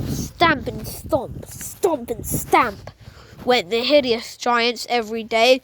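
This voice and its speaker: Female storytime reader, high voice, lively, trips over a word here and there. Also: unhurried, background noise. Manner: lively reading with frequent stumbles and restarts. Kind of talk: children's book read-aloud.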